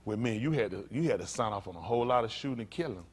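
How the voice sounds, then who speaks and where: Fast-talking preacher guy, folksy, calls out to the congregation, jumps high and loud then drops low. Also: animated, breathy edge. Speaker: pastor. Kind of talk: sermon teaching.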